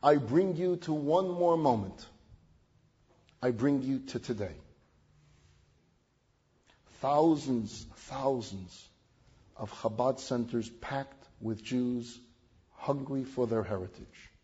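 A man telling stories in a sermon, building dramatically to loud peaks and then dropping to a hushed, low delivery, in a slightly muffled recording. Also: a little slow, slightly rough. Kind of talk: sermon storytelling.

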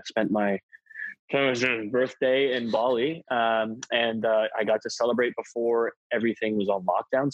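A man's voice: on the low side, breathy edge, no echo, lo-fi sound. A man being interviewed about his acting work, chatty and self-deprecating, slipping jokes into his answers. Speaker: actor, interview guest. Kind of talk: casual interview chat.

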